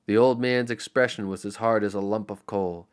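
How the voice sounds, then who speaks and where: A man narrating an audiobook in an expressive, storytelling manner. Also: fairly low pitch, normal speed, clear, resonant tone. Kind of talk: scripted narration.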